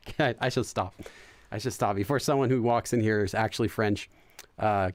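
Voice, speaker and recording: A man's voice: fairly low pitch, normal speed, long pauses, no room sound. A young man hosting a casual let's-play, chatting, laughing often and translating game text as he goes. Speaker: gaming channel host.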